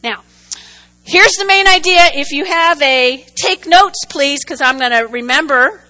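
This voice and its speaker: A woman preaching a sermon, animated and repetitive, often checking in with her listeners. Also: sits high, unhurried, rough recording. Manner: animated, repeats for emphasis, checks in with "okay?".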